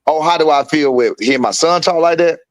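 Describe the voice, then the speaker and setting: A man's voice: a little fast, a crowd in the background, rough recording. A middle-aged man casually telling stories in slang, acting out the voices of the people in them. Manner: animated, acts out quotes with big pitch jumps; street slang, repeats "you feel what I'm saying". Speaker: guest storyteller, boxing father. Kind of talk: casual storytelling chat.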